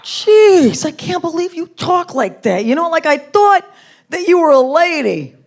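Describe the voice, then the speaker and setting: A woman comic imitating a loud, hot-tempered ex-boyfriend from New York, with a thick New York accent. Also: extremely high pitch, very animated, measured pace, pitched above the performer's own voice, full character voice. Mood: scolding. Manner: loud, blustering, shouting.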